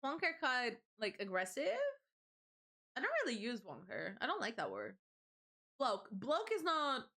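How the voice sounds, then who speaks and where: A woman's voice: on the high side, pushed and bright. Rambling, chatty young woman streamer. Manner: rambling, chatty, swears casually. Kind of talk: casual livestream chat.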